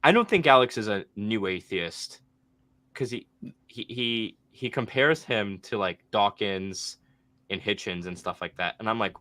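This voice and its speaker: Bright-voiced casual male host. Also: on the low side, dry recording. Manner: animated, laughing, quick asides. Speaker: host reviewing a debate. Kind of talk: casual chat.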